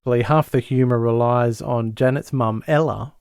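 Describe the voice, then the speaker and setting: A man, co-hosting a podcast and casually retelling a sitcom episode with lively impressions of the characters. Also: medium pitch, moderate pace, smooth, dry recording, studio quality. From Australia. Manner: animated storyteller, mimics the characters' lines. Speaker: podcast co-host.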